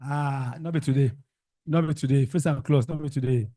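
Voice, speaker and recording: A man's voice: medium pitch, fairly even intonation, moderate pace, mellow, dry recording, clean studio sound. A man teaching a revision class, calling out questions and repeating the answers in call-and-response drills.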